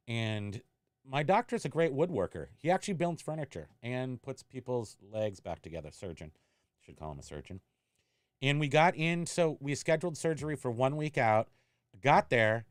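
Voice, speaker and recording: Guy chatting on his reseller stream, smooth clear voice, dry close sound, rambles and jokes at himself. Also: mid-range voice, no echo. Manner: rambling, self-mocking storyteller. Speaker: eBay reseller hosting a livestream. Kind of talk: casual livestream chat.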